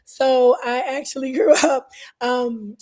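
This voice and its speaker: A woman's voice: high voice, steady tone, takes it slowly, a little mellow. A woman from the Southern US, a guest speaking over a video call, her voice scratchy and partly worn out. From Southern US (Alabama, Georgia). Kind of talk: interview answers.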